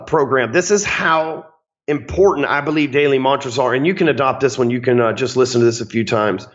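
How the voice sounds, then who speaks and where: Sales coach guy hyping people up, blunt and cussing, kinda dull lo-fi sound. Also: medium pitch. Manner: blunt, energetic, swears casually. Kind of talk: motivational talk to camera.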